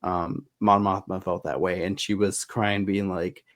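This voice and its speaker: A man joins a casual review conversation as a guest and recaps scenes in a halting way, full of fillers and restarts. His voice sits somewhat low. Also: level tone, dry recording, studio quality. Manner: hesitant, many fillers and restarts while recapping.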